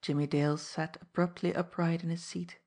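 A woman narrating an adventure novel as an audiobook in a measured storytelling manner. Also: lowish voice, level tone, a little mellow. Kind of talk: scripted narration.

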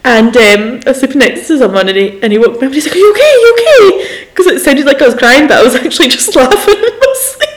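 Woman, twenties, lively pitch, giggly, casual podcast chat. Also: fast talker. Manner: giggly storyteller, laughs often. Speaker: podcast co-host.

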